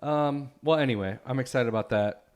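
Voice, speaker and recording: A man's voice: medium pitch, a little fast, clean tone. A young adult man co-hosting a casual podcast chat, trading stories and reading facts aloud from what he is looking up. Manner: reads facts aloud from a screen. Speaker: podcast co-host.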